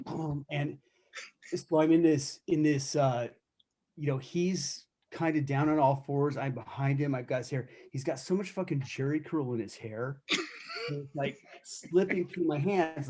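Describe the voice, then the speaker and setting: A middle-aged man with a mellow, warm tone tells stories in an easy, casual way. He is candid and wry, swears freely, and often restarts a sentence before he goes on. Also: a little high. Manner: candid, profane, wry storytelling with many restarts. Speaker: self-defense instructor recounting corrections work. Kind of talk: casual storytelling on a live chat.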